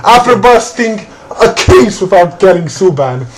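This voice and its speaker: A man hosting a card break, calling out player names and teams in a relaxed, casual way and laughing now and then. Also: sits high, measured pace, noisy background. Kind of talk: casual card-opening commentary.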